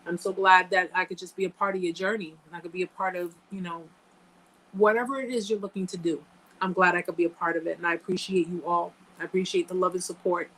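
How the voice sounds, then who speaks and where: A woman's voice: lowish voice, steady tone, quick pace, a bit bright, poor audio. Emphatic woman hosting a live chat. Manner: emphatic, repeats phrases for effect; reads out and thanks chat viewers by name. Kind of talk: casual livestream talk to viewers.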